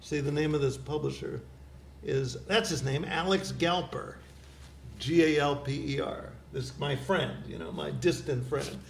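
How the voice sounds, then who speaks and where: A middle-aged man, a poet guest, chatting casually in a wry, rambling way with a gravelly voice. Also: a little high, a little slow. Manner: wry, rambling storyteller with laughs. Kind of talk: casual chat. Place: community cable studio. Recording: roomy studio with faint hiss.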